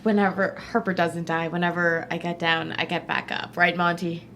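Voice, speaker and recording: A woman playing her character in a tabletop game, talking in a halting, hesitant way. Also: on the low side, flat delivery, a bit bright, slight background noise. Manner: hesitant, halting, many fillers. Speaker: player.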